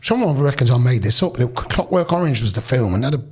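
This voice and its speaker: A man's voice: medium pitch, expressive, fast, a little mellow, husky. A man in his sixties with a Leicester accent, a podcast guest telling rambling anecdotes in casual chat. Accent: Leicester English. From Leicester, England. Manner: rambling, anecdotal, full of restarts and quoted dialogue.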